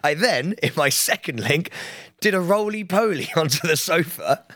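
A young man, co-hosting a casual chat podcast and telling animated stories full of acted-out quotes. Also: fairly high pitch, normal speed, dry recording, clean studio sound. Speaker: podcast co-host.

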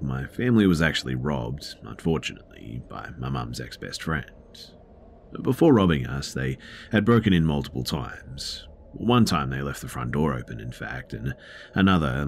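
A man narrating submitted true scary stories in a calm, low-key storytelling delivery. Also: slight background noise. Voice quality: very deep gravelly voice. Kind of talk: scripted horror story narration.

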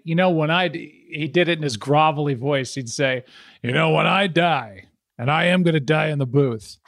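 A man co-hosting a podcast, telling a story in a relaxed way. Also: on the high side, creaky, no echo, studio quality. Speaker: podcast host. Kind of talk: casual podcast chat.

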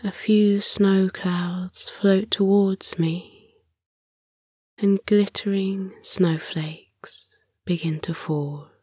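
Woman narrator, whispered bedtime story, very slow, breathy, close dry mic. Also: mid-range voice, fairly even intonation, mellow, no room sound. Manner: slow, soothing, lulling. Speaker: sleep meditation narrator.

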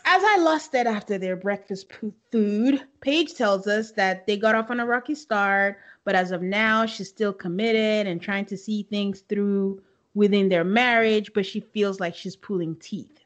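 A woman's voice: mid-range voice, a little slow. A woman co-hosting a casual chat, retelling scenes dramatically and using casual slang. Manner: animated, dramatic retelling with acted-out quotes. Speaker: podcast co-host. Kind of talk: casual chat recapping a reality show.

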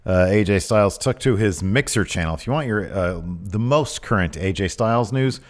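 A man co-hosting a podcast in loose, casual chat. He jumps in with excitable, jokey reactions. His voice sits on the low side. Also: moderate pace. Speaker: podcast co-host.

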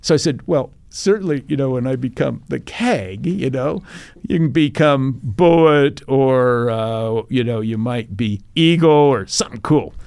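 A man's voice: medium pitch, measured pace, creaky, clear, resonant tone. An older man, a retired Navy captain, telling stories in a podcast interview, acting out quotes and laughing often. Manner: animated storyteller, acts out quotes, laughs often.

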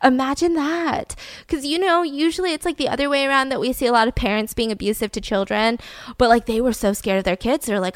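A woman's voice: high-pitched, fast, dry recording. Casual woman recounting a true crime. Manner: animated, swearing, frequent fillers and "right?" check-ins. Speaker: podcast host.

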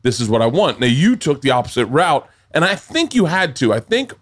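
A man from the American South hosts a podcast, rambling emphatically and swearing freely in casual chat. His voice is fairly high, sing-song and brisk.

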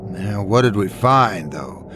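A man's voice: lowish voice, expressive, slow pace, over music. A man voicing an uneasy young woman diver who keeps urging the others to turn back. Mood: anxious. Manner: worried, pleading.

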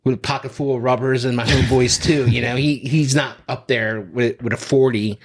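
A man's voice: medium pitch, fairly even intonation, normal speed, breathy edge. A man co-hosting a podcast, giving blunt, profane opinions in casual chat. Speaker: podcast co-host.

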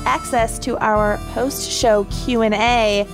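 A woman's voice: fairly high pitch, fairly even intonation, slow, over music. A woman co-hosting a podcast in casual chat, laughing often and swearing offhandedly. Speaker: podcast co-host.

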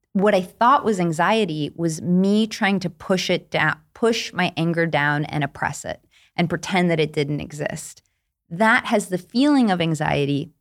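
A woman author as an interview guest, telling personal stories candidly and acting out quoted lines. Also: deep voice. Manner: candid storytelling, animated, acts out quotes. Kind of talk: casual interview chat.

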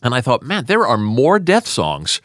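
A man hosting a casual comedy podcast, reeling off song trivia with enthusiasm and quick laughs. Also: mid-range voice, huge pitch swings, fairly bright tone, no echo, studio quality. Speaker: podcast host.

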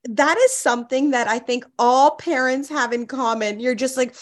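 A woman in her forties hosts a casual parenting talk, jumping in to agree and asking playful questions. Her voice sits high for a woman. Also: normal speed, hardly any pauses. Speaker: host. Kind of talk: casual chat.

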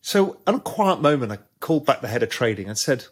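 A man with a husky, mid-range voice tells a story from his trading days. He talks fast, with plenty of asides. It sounds like an interview. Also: mid-range voice. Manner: animated anecdote-telling, quick asides. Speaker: guest, former trader.

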